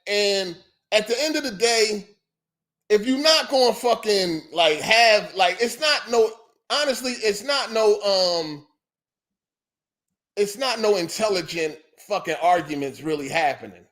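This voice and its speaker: A man's voice: high voice, animated, unhurried, fairly bright tone. A man hosting a podcast, ranting in a heated, profane and repetitive way. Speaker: podcast host. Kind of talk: ranting solo podcast monologue.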